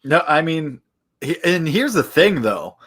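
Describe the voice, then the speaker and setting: Slightly high-voiced male podcast co-host. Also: very animated, measured pace, a bit bright, slightly rough. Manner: wry, mocking banter. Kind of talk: casual chat.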